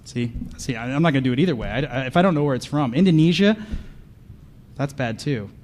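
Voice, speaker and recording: Sarcastic, mock-paranoid riffs and questions for the audience fill this comedic live talk, given by a man on a conference panel. His mid-range voice has a darkish tone, and he talks fast and animatedly.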